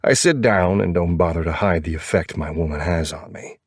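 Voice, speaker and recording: A man narrating a first-person romance audiobook in a low, brooding, wry voice. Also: normal speed, dry recording, studio quality.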